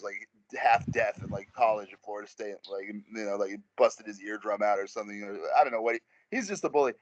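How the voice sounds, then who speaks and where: Male rapper guest, quick and slangy, rambling storyteller, mid-pitched, dry muffled call audio. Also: a bit bright, no echo. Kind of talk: casual storytelling in an interview.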